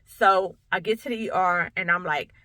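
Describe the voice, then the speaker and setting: A woman coach tells her own story straight to camera, conversational and emphatic, circling back on her points. Her voice is bright and forceful. The sound is dry and close, with no room echo. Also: lowish voice, normal speed. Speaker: coach and sickle cell awareness speaker.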